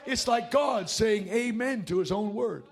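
A middle-aged man preaching a revival sermon, talking bluntly and swinging from quiet asides to shouting. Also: high-pitched, a little slow, vocal fry, a faint crowd.

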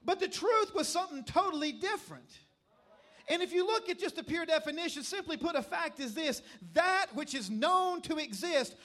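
Very high-voiced and animated at a moderate pace, a middle-aged man from Middle Tennessee preaches a revival sermon in church. His accented, emphatic storytelling rises toward shouted calls.

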